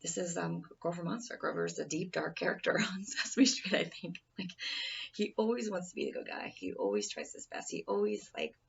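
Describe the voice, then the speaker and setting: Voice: mid-range voice, expressive, fairly quick, gravelly, breathy edge, muffled recording. A person giving an informal presentation speech in a rambling, casual way, often restarting sentences, recorded from a distance.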